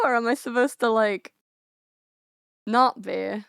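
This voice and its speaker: A woman's voice: on the high side, lively intonation, a little slow, vocal fry, a bit bright, smooth, no room sound, studio quality. A young woman VTuber streamer chatting casually and bubbly with her viewers, giggling often. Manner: bubbly, giggly, talks straight to chat. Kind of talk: casual live-stream chat.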